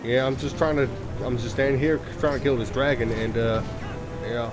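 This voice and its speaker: A man's voice: mid-range voice, fairly even intonation, normal speed. A man playing a video game and commenting in a rambling, self-deprecating way, swearing often. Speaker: let's play gamer. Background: video game music.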